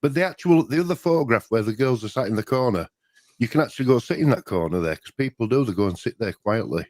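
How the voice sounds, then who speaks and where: A man chatting casually as a co-host, meandering with restarts and asides. His voice is mid-pitched and the sound is dry and close. He sounds like an everyday talker, not a presenter. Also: expressive, fast talker, a little mellow, dry recording. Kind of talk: casual chat.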